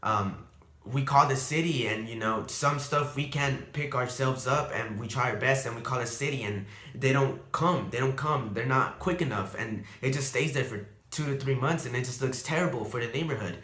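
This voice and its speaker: A man's voice: medium pitch, normal speed, pushed and bright. Rambling young man in an echoey room. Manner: rambling, emotional, many fillers. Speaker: vlogger. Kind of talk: casual storytime.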